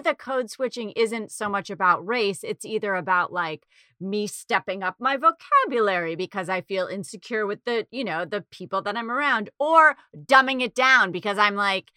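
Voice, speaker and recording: A woman's voice: on the high side, lively intonation, moderate pace, pushed and bright, no room sound, clean studio sound. A woman talking casually in a loose, chatty way, with lots of fillers and restarts. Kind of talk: casual chat.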